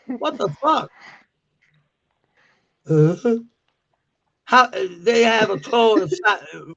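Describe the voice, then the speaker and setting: Slow gravelly man with a dull lo-fi sound. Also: animated. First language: Danish. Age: 40s. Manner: laughs often, swears, mocks slang with loud high put-on quotes. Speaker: live streamer. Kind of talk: casual live-stream chat. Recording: dull lo-fi stream audio.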